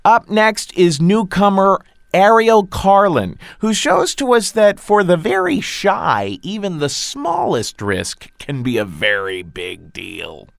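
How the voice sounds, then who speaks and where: A man's voice: high voice, wildly swooping pitch, slow pace, gravelly, few pauses, no room sound. A man hosting a storytelling show, introducing the acts in a theatrical, playful way. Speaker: host.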